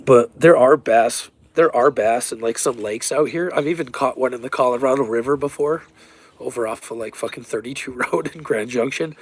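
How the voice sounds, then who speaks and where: A man in casual chat, rambling through stories with lots of swearing and excitable energy. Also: mid-range voice, normal speed, slightly rough. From eastern United States. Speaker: livestreamer.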